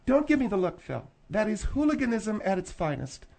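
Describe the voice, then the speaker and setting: A man's voice: high voice, big pitch swings, a little fast, vocal fry, a little mellow, exaggerated voice. A man voicing a prim, indignant middle-aged woman co-host who scolds in a huffy, prissy way.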